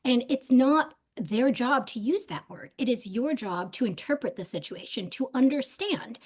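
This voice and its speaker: A woman speaking as a guest on a webinar panel, animated and emphatic, with many fillers. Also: on the high side, normal speed, husky.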